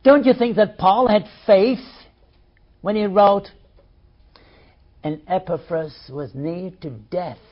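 A man preaching a sermon, swinging between loud emphasis and quiet asides. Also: high voice, takes it slowly, long pauses, highs cut off.

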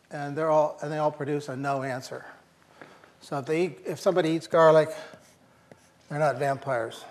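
A man's voice: fairly high pitch, a little mellow. Dry-humored older male lecturer. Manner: dry humor, thinking aloud with fillers and restarts. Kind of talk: university lecture.

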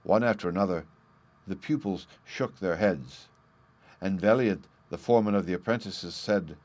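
A man reading a storybook aloud as narrator, in a measured storytelling manner. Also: deep voice, darkish tone, dry recording. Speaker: audiobook narrator. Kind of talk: scripted narration.

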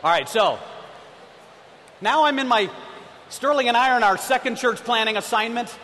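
A middle-aged missionary preaches a sermon in a very high, sharp, animated voice at a moderate pace. He tells stories and leads the congregation in call-and-response, with a long hall reverb around him.

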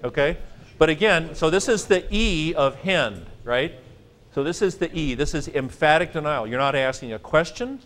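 A man teaching a Greek grammar class, lecturing in a lively, joking way and stressing his points. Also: fairly high pitch, moderate pace. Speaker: Greek professor.

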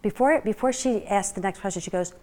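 A woman's voice: mid-range voice, fairly quick, a little mellow. A woman giving a talk to a class, telling a story in a chatty way, full of fillers, and acting out the voices of the people she quotes. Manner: chatty, with many fillers like "you know" and "like". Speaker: guest speaker.

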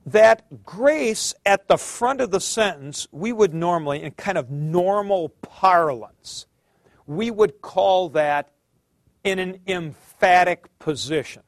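Man, teacher, classroom lecture, high voice, slow and patient, thinks aloud, dry close sound. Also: lively intonation, no echo. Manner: patient, explanatory, addresses students by name; thinks aloud with fillers and restarts.

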